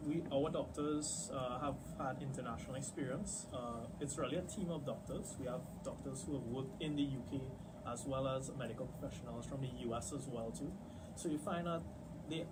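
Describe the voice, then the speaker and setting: A man co-hosting a radio talk show, agreeable and quick to affirm. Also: mid-range voice, distant mic, heavy background noise. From Trinidad. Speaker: radio co-host. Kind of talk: casual radio chat.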